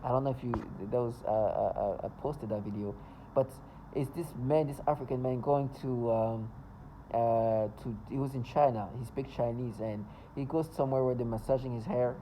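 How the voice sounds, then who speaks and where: A man's voice: medium pitch, steady tone, moderate pace, dark tone, slight background noise, rough recording. A man talking to camera in a casual, rambling monologue, agitated and full of stumbles and restarts. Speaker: vlogger.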